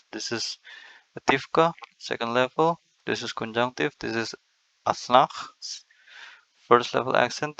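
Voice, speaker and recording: A man's voice: fairly low pitch, vocal fry, bright, forceful tone, no room sound, rough recording. A man teaching in a screen-recorded lecture, explaining step by step and often restarting his words, recorded close to a desk mic.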